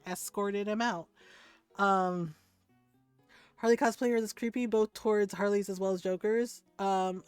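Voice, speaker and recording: Woman streamer, mid-pitched, candid and animated, swears casually, dry close recording. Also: smooth, no room sound. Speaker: game streamer. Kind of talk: casual chat with viewers while gaming.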